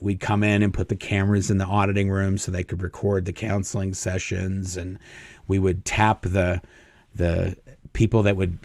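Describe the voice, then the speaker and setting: A middle-aged man with a low, somewhat dark voice casually tells a long personal story as an interview guest, recorded without echo. He rambles through anecdotes and acts out the dialogue of the people involved.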